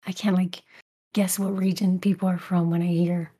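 A woman from Brooklyn with a softened New York accent, a guest talking in a whispered role-play style on an ASMR podcast. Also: lowish voice, flat delivery, normal speed, husky. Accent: neutralized New York. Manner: soft whispered chat with frequent laughs.

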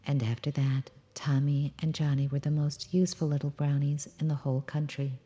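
A woman reading a bedtime story in a soft, gentle way, talking to the listener as "sweet one.". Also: deep voice, flat delivery, moderate pace, muffled recording.

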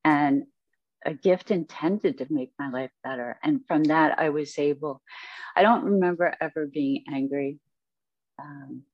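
Her deep voice moving at a measured pace, a woman interviewee rambles reflectively through her life story with frequent fillers. The audio is dry and dull, free of echo.

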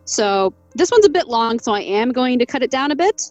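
Chatty higher-voiced woman co-host. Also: very animated, a little fast, darkish tone, no room sound, muffled recording, soft background music. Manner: chatty, reactive, laughs often, uses "like". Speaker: podcast co-host. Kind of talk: casual chat.

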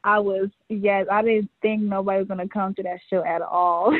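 A woman's voice: medium pitch, moderate pace, no echo. A woman from New York, a guest telling stories in a casual chat, laughing often. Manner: laughs often, animated storytelling. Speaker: interview guest, fashion show organizer. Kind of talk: casual conversation. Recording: tinny phone line.

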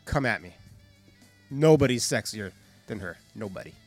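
Man, podcast host, very animated pitch, laughing, casual banter. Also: normal speed, faint music behind.

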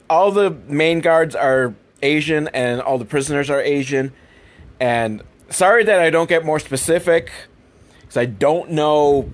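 A man talks through a film in loose, joking commentary, undercutting himself as he goes. His voice is mid-pitched and lively, swinging up and down as he rambles. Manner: rambling, self-deprecating, animated with voice impressions. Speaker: movie review host. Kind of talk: casual comedic movie commentary.

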